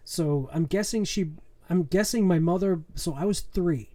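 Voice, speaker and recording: A man's voice: sits high, moderate pace, mellow. A man co-hosting a podcast, chatting casually and telling personal stories with laughter. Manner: chatty storyteller, laughs along. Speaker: podcast co-host. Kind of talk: casual chat about horror movies.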